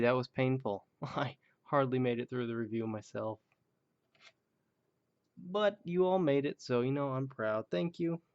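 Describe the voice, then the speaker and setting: A man casually rambling through a home video review of action figures, joking at his own expense and muttering quick asides. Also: medium pitch, gravelly, a little mellow. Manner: loose, joking and self-deprecating, with muttered asides. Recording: dull lo-fi home video sound.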